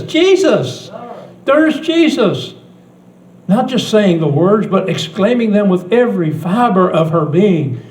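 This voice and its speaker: An older man preaching a sermon in a church, telling a story earnestly, swinging between hushed and loud delivery. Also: a little high, echoey room, distant mic, poor audio. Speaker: pastor.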